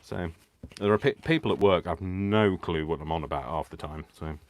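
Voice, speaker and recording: A man with a low, deep voice hosts a live crafting stream from home. His talk is giddy and rambling, full of restarts and asides to viewers. He keeps laughing to himself and teasing himself. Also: moderate pace. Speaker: crafting livestream host. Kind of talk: casual live crafting chat.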